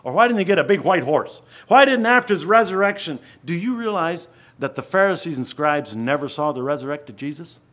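Earnest male preacher, hushed to emphatic. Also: on the high side, animated, a little fast, hardly any pauses. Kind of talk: sermon.

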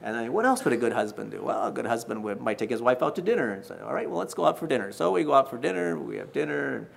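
A man in his sixties preaching to husbands in a folksy storytelling manner, with restarts and gentle self-mockery. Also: mid-range voice, expressive, quick pace, creaky. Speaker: pastor. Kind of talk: sermon to married men.

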